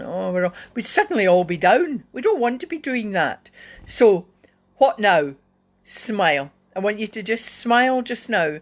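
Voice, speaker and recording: A woman hosting a casual livestream talk, gentle and encouraging, with many small fillers. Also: on the low side. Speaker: self-help host. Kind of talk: casual facebook live talk.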